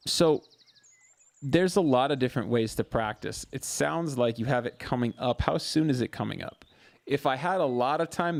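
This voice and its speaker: Hosting a live-stream Q&A on mental health, a male therapist with a gravelly mid-range voice gives advice in response to viewers. His manner is warm and coaching, and he repeats phrases to drive points home.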